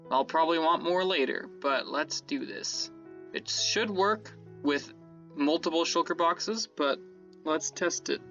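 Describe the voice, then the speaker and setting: A man's voice: on the high side, bright, forceful tone, muffled recording. A man giving casual gameplay commentary as he builds, rambling and correcting himself as he explains his setup to viewers. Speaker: Minecraft let's-play creator.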